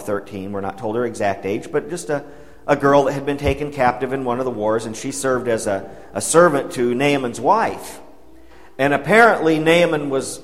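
A man preaching a sermon, retelling a Bible story in a conversational way and paraphrasing the dialogue. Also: medium pitch. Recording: long hall reverb.

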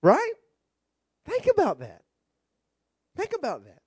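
Brief: male rabbi, funny storytelling sermon, very expressive swooping delivery. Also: very high voice, slow, no echo. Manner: animated, humorous storytelling preaching.

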